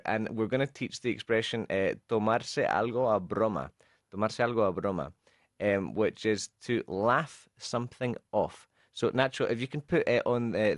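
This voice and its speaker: A man's voice: fairly low pitch, no echo, clean studio sound. A man with a Scottish accent, co-hosting a radio show and patiently explaining English expressions with examples, slipping into Spanish now and then. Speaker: radio co-host teaching English.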